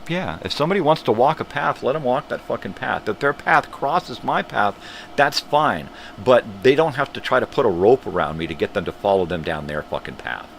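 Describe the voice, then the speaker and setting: A man's voice: medium pitch, animated, brisk, creaky, fairly bright tone, slight background noise. An older man hosting his own morning show, ranting bluntly and profanely in a casual monologue. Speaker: host of a morning livestream show.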